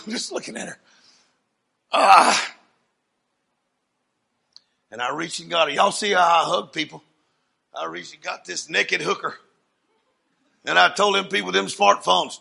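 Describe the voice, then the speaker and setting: A man preaching a sermon as a dramatic story, swinging from hushed asides to loud declarations. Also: high voice, a little slow, vocal fry, pauses often, slightly rough.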